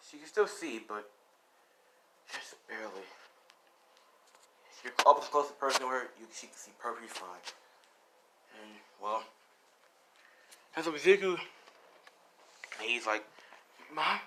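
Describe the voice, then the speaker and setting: A man narrates an improvised fan story in a loose, rambling way, full of fillers and sighs. He talks slowly, and his voice has a bright, forceful tone. A faint noise sits under the recording. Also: medium pitch, expressive.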